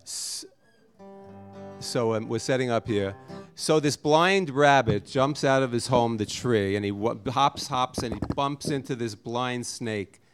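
Brief: male songwriter, mid-pitched, loose rambling stage banter, faint guitar behind. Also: measured pace. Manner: rambling, self-deprecating. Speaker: singer-songwriter performer.

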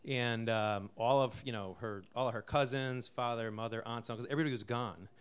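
A middle-aged man from Connecticut introduces a song he wrote, talking softly and haltingly with many fillers. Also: medium pitch, fairly even intonation, clean tone. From Connecticut, USA. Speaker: singer-songwriter introducing a song. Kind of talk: casual spoken intro before a live song.

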